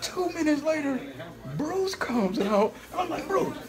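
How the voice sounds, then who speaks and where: A comedian man spins an excited story in a lively voice that climbs and dives all over. He acts out the people he quotes and laughs along as he goes. A busy crowd murmurs behind him at the venue. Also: very high-pitched, measured pace, over music. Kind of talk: animated storytelling interview. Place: comedy venue after a show.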